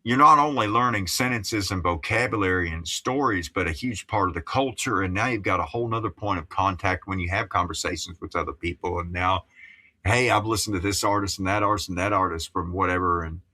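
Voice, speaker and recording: A man in his fifties from Appalachia, USA, appears as a musician guest in a casual interview chat. His low voice is bright and forceful and runs a little fast; he speaks careful broadcast English but is chatty and digressive, full of "you know"s and restarts.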